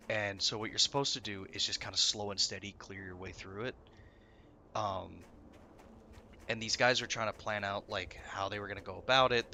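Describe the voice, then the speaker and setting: Bright-voiced man telling a story. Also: lowish voice, slight background noise. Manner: rambling storytelling with many fillers. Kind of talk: casual chat.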